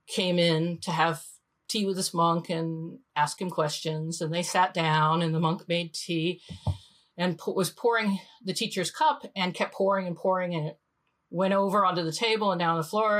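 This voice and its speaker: Animated woman in her fifties telling stories. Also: on the low side. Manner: animated storyteller, acts out voices. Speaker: guest, design leader. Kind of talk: podcast interview storytelling.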